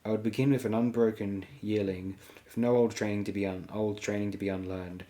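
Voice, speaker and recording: A man's voice: lowish voice, flat delivery, brisk, dark tone, close to an everyday voice. A man voicing a wry, sardonic dwarf lord in a dry, courtly manner.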